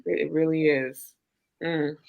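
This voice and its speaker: A woman's voice: low voice, steady tone, measured pace, creaky, phone-quality sound. A woman host responding with sympathy and asking follow-up questions in a casual chat.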